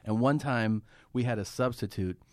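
A comedian guest in a podcast studio tells a story with easy, animated energy, swearing freely and laughing as he goes. His middling-pitched voice comes at a moderate pace, recorded close and dry with almost no room sound and no echo, in a casual storytelling conversation.

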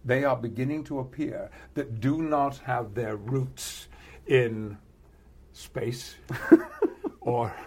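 An older man with a British accent, chatting in an interview, halting with many restarts and frequent chuckles. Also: mid-range voice, a little mellow, a little hiss or hum. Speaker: actor being interviewed. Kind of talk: casual interview chat.

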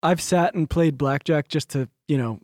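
A man on a podcast talks in casual chat, wandering through stories and swearing as he goes. His voice sits fairly high with a mellow tone, and the dry studio sound keeps it close. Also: normal speed, dry recording. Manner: rambling storyteller, swears freely. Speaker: podcast co-host.

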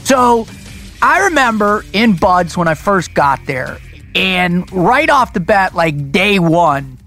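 Animated storytelling male podcast host. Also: high voice, slow pace, faint music behind. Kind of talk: casual storytelling chat.

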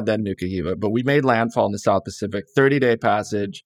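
Middle-aged man from California, storytelling guest, low voice, relaxed and rambling, dry close sound. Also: fast talker, no room sound. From California, USA. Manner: relaxed, rambling, frequent restarts and quoted dialogue. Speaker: guest author. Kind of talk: casual storytelling interview.

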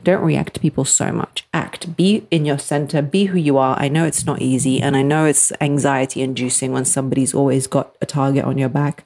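A woman's voice: a bass voice, creaky, a little mellow. A woman in her thirties hosting a podcast, giving blunt, emphatic relationship advice and acting out the people she quotes. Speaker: podcast host answering listener questions. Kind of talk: direct advice talk.

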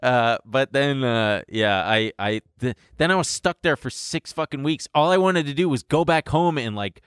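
A young man casually telling a story in an animated way, laughing and swearing as he goes. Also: medium pitch, normal speed, smooth, dry recording, clean studio sound.

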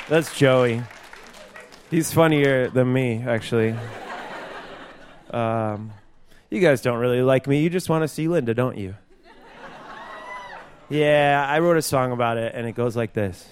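A man's voice: mid-range voice, measured pace, pauses often, some chatter behind, a little hiss or hum. A man doing stand-up comedy, rambling and giggly, full of fillers.

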